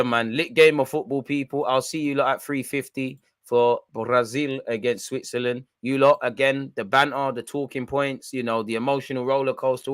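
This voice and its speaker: Excitable young man, dry close mic. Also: mid-range voice, smooth, no room sound. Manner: excitable, mocking, slangy banter. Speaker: football watch-along host. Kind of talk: casual live match reaction.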